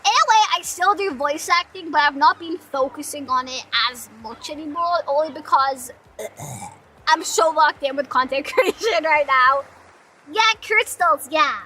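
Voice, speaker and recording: Playful young woman streamer, high bright voice, giggly banter. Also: expressive, slight background noise, low-quality recording. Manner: playful, giggly, quick self-deprecating banter. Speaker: streamer, part-time voice actor. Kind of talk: casual live-stream chat.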